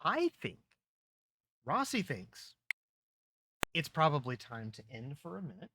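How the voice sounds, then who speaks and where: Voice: medium pitch, very animated, a little slow, noisy background. A streamer giving casual, rambling gameplay commentary with casual swearing. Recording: game music under the voice. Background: game music.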